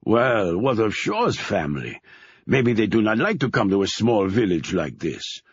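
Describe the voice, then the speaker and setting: A man doing a booming German father. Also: big pitch swings, a little slow, slightly rough, no room sound, full character voice. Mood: cross. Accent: heavy German. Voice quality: booming, hearty. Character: big jovial German father, middle-aged. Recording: dull lo-fi recording.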